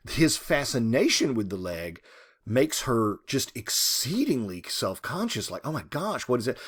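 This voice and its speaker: A man in his fifties or older, a literature professor, giving a recorded lecture with animated rhetorical questions and chatty asides. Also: mid-range voice.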